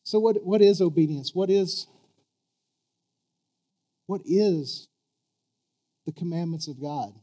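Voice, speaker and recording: A preacher with a somewhat high voice delivers a sermon in an earnest, halting way. He trips over his words, circles back and repeats phrases before driving a point home. He throws questions out to his congregation. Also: mellow. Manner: earnest, stumbling restarts and repeated words, rising to emphatic peaks.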